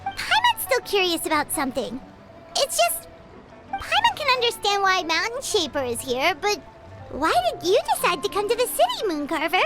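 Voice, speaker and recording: A woman voicing a tiny, eager and excitable fairy-like companion in a video game, talking of herself in the third person. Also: extremely high pitch, moderate pace, full character voice. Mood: curious. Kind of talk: game voice acting. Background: loud music.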